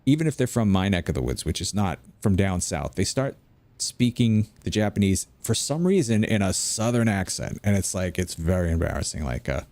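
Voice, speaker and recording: Low-voiced man rambling over gameplay. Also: big pitch swings, a little fast, darkish tone, no echo. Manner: rambling, anecdotal, self-interrupting. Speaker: gameplay commentator. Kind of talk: casual chat while playing a game.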